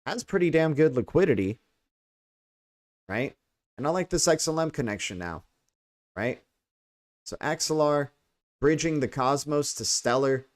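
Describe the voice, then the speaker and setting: A man's voice: fairly high pitch, expressive, measured pace, long pauses. An American man casually commenting on crypto news in a chatty way, often asking "right?". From United States. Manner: chatty, keeps tagging on "right?" and "you know". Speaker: crypto channel host.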